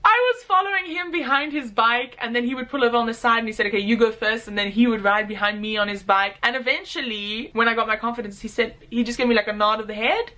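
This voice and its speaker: A young South African woman in her twenties, telling her own stories in an interview. Her voice sits fairly high and sounds bright and sharp. She talks in an animated way and acts out what other people said. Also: fast, hardly any pauses. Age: 20s. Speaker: interviewee, motorcycle rider. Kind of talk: personal storytelling interview.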